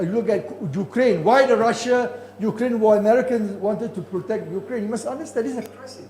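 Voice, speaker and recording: An older man delivers a keynote in a high, carrying voice. He speaks emphatically, restarting phrases and pressing his points home. The recording is roomy and echoey, with a faint ambient hum. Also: mellow. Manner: emphatic, repeats and restarts words, rising indignation. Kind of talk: conference keynote lecture.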